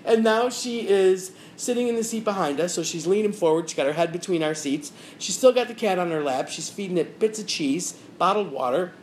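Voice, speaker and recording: Woman telling a lively anecdote, roomy sound. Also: on the low side, a little fast, few pauses, a little hiss or hum. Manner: animated anecdote-telling, acts out the people she quotes, laughs mid-story. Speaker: storyteller in a casual conversation. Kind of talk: casual chat. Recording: roomy echo with faint ambience.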